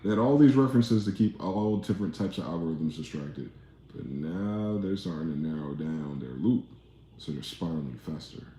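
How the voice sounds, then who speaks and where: A man's voice: low voice, lively intonation, normal speed, mellow, echoey room, a little hiss or hum. A man from New Jersey hosting a livestream, rambling, profane and ranting as he reads out chat comments. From East Orange, New Jersey. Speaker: livestream host.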